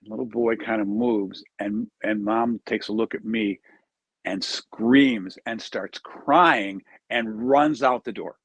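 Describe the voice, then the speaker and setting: A man's voice: lowish voice, slow pace, fairly bright tone, slightly rough, dry recording. A man, a charity founder, telling an earnest story in an interview and acting out the quoted dialogue.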